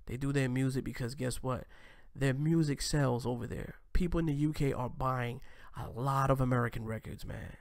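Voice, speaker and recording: A young man from the US East Coast hosting a casual livestream, talking in an animated, slangy way with laughing asides. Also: mid-range voice, normal speed, gravelly, dry recording, clean studio sound. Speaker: host.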